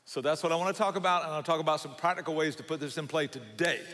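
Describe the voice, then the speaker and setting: A man's voice: fairly high pitch, fast talker, a bit bright, long reverb tail. An older man from Savannah, Georgia, with a Southern accent, preaching a sermon as a guest pastor in a folksy, joking storyteller's way. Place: church sanctuary.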